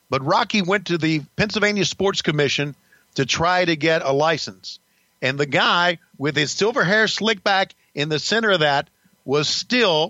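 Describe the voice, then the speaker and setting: A man's voice: on the high side, bright, forceful tone, no echo, dull audio. An older man, a podcast host, telling stories about his career in a blunt, profane, rambling casual way. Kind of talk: casual storytelling.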